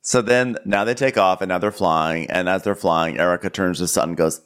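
A man co-hosting a podcast, recapping a reality show in a teasing, animated way. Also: low voice, fairly quick, hardly any pauses, smooth. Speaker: podcast co-host. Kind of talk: casual recap chat.

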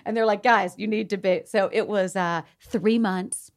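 A middle-aged woman from Atlanta with a Southern accent, telling stories as a guest in a casual interview, animated and laughing as she acts out quotes. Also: medium pitch, normal speed.

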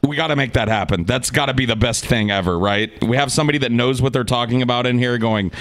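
A man on a podcast talking enthusiastically and quickly to the audience in casual chat. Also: medium pitch, a bit bright. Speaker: podcast regular.

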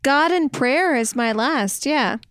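Chatty high-voiced female podcast co-host. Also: animated, slow, fairly bright tone, no room sound, studio quality. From half Welsh, half German heritage. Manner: chatty, uses "like" and "you know what I mean". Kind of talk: casual chat.

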